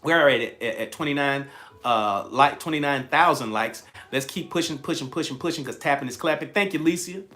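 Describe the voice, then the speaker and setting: A man's voice: mid-range voice, fairly quick, faint music behind. A man hosting a live-streamed coaching talk, repeating key phrases and greeting viewers by name with lots of energy. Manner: energetic, repetitive, chatty with viewers. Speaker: livestream host and coach.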